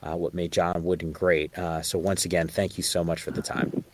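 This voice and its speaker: A man's voice: deep voice, flat delivery, normal speed. A man hosting a podcast interview, asking chatty, friendly questions. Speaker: podcast host. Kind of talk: casual interview.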